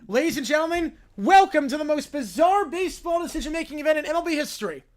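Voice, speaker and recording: A man voicing a girl announcing an event like a ring announcer, in a booming delivery. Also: lively intonation, quick pace.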